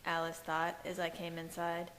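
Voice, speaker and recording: A woman reading a fanfiction chapter aloud in steady first-person narration. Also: on the low side, moderate pace, slight background noise, rough recording. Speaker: fanfiction reader. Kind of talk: amateur audiobook reading.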